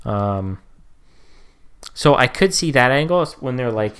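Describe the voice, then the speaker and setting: A man co-hosting a podcast in casual chat, animated, with his pitch jumping up when he mocks what other people say. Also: unhurried, pauses often, clean tone. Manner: animated, jumps up in pitch for mocking quotes. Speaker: podcast co-host.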